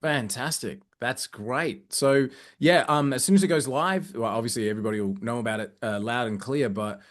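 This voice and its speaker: Australian man, casual storyteller, lively and chatty, mid-pitched voice. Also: moderate pace. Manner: lively, chatty, many fillers and restarts. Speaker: company growth director.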